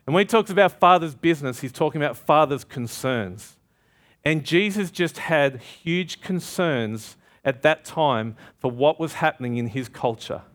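A male preacher with a fairly high voice delivers a sermon. He talks in a relaxed, conversational way and tells stories with lively energy. He often stops to ask "right?" as if checking in with the listeners. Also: moderate pace. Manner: animated storytelling with laughter.

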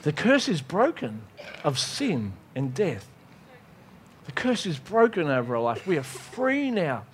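Male preacher, high voice, animated sermon delivery, acted-out dialogues with God. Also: unhurried, slight background noise.

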